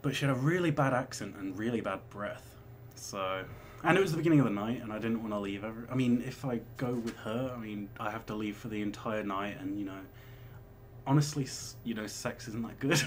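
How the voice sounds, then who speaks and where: A man's voice: fairly low pitch, brisk, a little hiss or hum. A man in his twenties, chatting casually as a vlogger answering viewer questions, rambling and swearing as he goes. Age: 20s. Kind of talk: casual chat.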